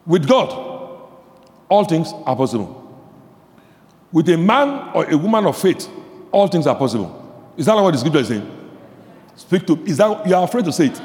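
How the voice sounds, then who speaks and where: A male pastor preaching a sermon, swinging from quiet asides to shouted emphasis, repeating phrases and asking the audience questions. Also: a little high, big pitch swings, normal speed, pauses often, long reverb tail.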